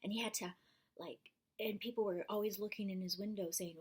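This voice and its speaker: A woman telling a personal story in a casual, conversational way, often dropping into a breathy near-whisper. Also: mid-range voice, fairly even intonation, brisk.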